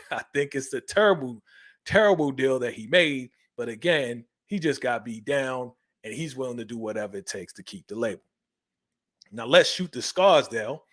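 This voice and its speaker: A man giving a casual, animated TV episode recap, laughing often and acting out the characters' lines. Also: medium pitch. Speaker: recap host.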